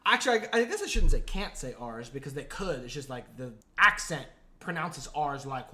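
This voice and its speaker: Male podcast co-host, bright and somewhat high, rambling comic chat with frequent laughs. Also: sing-song, moderate pace, few pauses. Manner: rambling, laughs often, mimics accents. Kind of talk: casual comedic chat.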